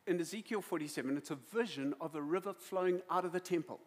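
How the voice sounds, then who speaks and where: Male South African pastor, emotional storyteller, slightly high voice. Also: fast. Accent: South African English. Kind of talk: sermon.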